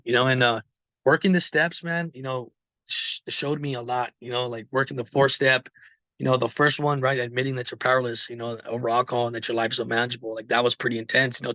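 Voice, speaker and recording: A man's voice: medium pitch, sharp tone, no room sound. A man telling his recovery story in a casual, rambling way, with many fillers. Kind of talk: casual personal testimony.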